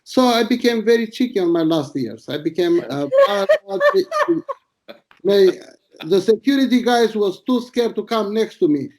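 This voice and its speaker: Blunt, crude, high-voiced man from Albania. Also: animated, moderate pace, a little mellow. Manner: blunt, crude, boastful, rambling. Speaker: retired paparazzo. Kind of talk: casual interview storytelling.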